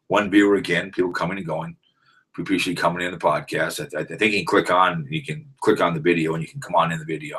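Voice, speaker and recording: A man hosting a live-streamed sports podcast, rambling casually and breaking into loud, excited trash talk. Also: low-pitched, breathy edge. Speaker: podcast host.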